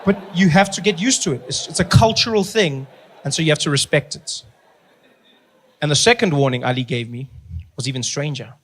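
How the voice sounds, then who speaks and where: South African man, stand-up comic, slightly high voice, animated storytelling on a live theater stage. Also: fairly quick. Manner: animated storytelling, acts out characters. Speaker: stand-up comedian. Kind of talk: stand-up comedy routine.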